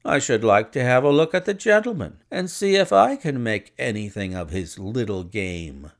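Man voicing a shrewd detective, deliberate, dry, lively pitch. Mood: musing. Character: shrewd, measured male detective.

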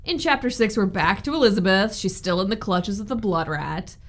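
A woman's voice: mid-range voice, expressive, brisk. A woman co-hosting a casual book podcast, recapping chapters with blunt, frank opinions. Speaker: podcast co-host. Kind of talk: casual book-club chat.

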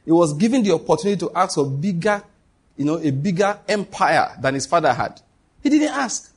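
A middle-aged man, preaching a sermon to a congregation and leading call-and-response, animated and quick to laugh. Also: on the high side, breathy edge. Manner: animated, laughs often, shifts to quoted voices. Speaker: pastor. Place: church hall before a congregation.

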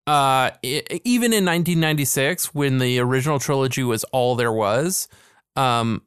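Smooth-voiced man co-hosting a podcast. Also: medium pitch, moderate pace, no room sound, clean studio sound. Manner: relaxed, laughing, trailing off with fillers. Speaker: podcast co-host. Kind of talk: casual chat.

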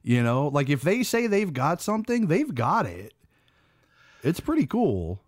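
A man's voice: on the high side, huge pitch swings, a little slow. A man co-hosting a podcast, chatting casually and enthusiastically about a movie, swearing freely. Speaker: podcast co-host.

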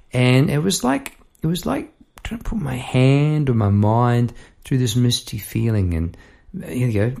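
A man's voice: mid-range voice, vocal fry, dark tone. A man hosting a solo podcast, musing aloud about song lyrics in a rambling, thinking-aloud way. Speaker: podcast host. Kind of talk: reflective solo talk on songwriting.

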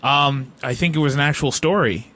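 A man's voice: fairly high pitch, normal speed, a bit bright. A man co-hosting a movie talk show, dry and skeptical, dismissing hype in casual chat. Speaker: co-host.

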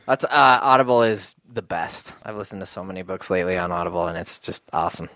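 A man's voice: sits low, fast, a bit bright, no echo. A man on a podcast chatting casually and asking eager questions. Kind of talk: casual chat.

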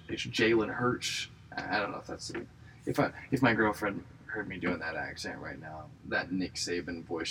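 Low-voiced guy in his 30s rambling on his comedy podcast, wry little jokes at his own expense, mic kinda far off. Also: vocal fry, fairly bright tone, slight background noise. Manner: rambling, wry, self-mocking asides. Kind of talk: casual rambling chat.

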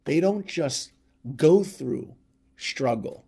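A middle-aged man from New York, telling a motivational story in an animated way and acting out the other voices. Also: medium pitch, normal speed. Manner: animated, acts out voices in his stories.

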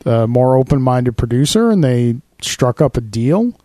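A man's voice: medium pitch, sing-song, mellow, dry recording. A man co-hosting a casual podcast, chatting about comics and films and explaining story plots at length. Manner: talks fast, explains stories at length. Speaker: podcast co-host.

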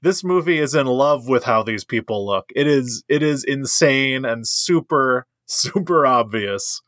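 A podcast co-host, a man with a mid-range, fairly bright voice, chats casually about movies at a measured pace, animated, enthusiastic and emphatic, often laughing. The recording is dry, with clean studio sound.

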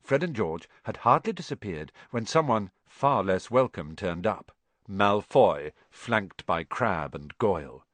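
A male narrator reads a storybook aloud with an expressive, lively delivery. His pitch rises and falls widely, and the close-miked sound is dry. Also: unhurried, no echo. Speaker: audiobook narrator. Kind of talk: scripted narration.

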